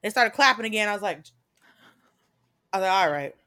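A woman's voice: mid-range voice, fairly quick, pushed and bright. A woman comedian from the American South in her thirties, with a Southern accent, telling stories animatedly in a casual chat, swearing freely and acting out quotes. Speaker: comedian guest.

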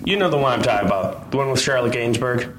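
A man co-hosts a casual news podcast in a middle-pitched voice, wandering into loose, self-mocking asides. A steady hiss of noise sits under his voice. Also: fast talker. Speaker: podcast co-host, website editor.

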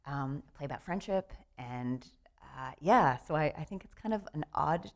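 A Southern United States woman, a playwright guest, chats animatedly in a casual interview, laughing and restarting her sentences. Her voice is deep, with lively intonation and a moderate pace.

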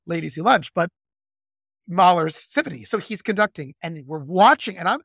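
Animated podcast host gushing about film. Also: mid-range voice, creaky, dry recording, clean studio sound. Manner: animated, gushing, quick asides. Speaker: music educator and conductor. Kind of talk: casual film discussion.

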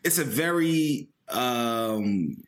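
A man's voice: mid-range voice, expressive, very slow. A man, co-hosting a podcast in blunt, profane casual chat. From Philadelphia. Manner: blunt, profane, hesitant with fillers. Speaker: podcast co-host.

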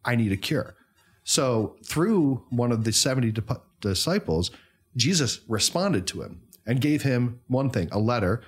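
A man co-hosting a podcast, telling history as an animated storyteller. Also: medium pitch, a little slow, husky. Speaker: podcast co-host.

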